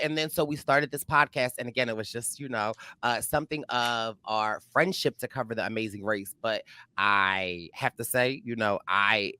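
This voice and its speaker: Podcast co-host, young man, very bright voice, dry close sound, animated storyteller. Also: medium pitch, moderate pace, clean tone, no echo. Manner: animated storyteller, acts out quotes, many fillers. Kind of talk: casual chat.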